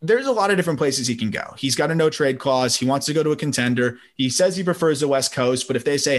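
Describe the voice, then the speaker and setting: Man, podcast host, casual sports chat, laughs a lot, talking from home. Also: mid-range voice. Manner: chatty, laughs often, quick restarts. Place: home during a summer thunderstorm.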